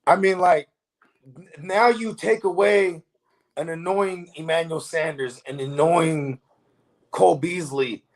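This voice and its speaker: High-voiced man in loose sports banter. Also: steady tone, takes it slowly, pauses often. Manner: loose, profane, keeps asking "you know what I mean". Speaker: fantasy football podcast co-host. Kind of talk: casual live-stream sports chat.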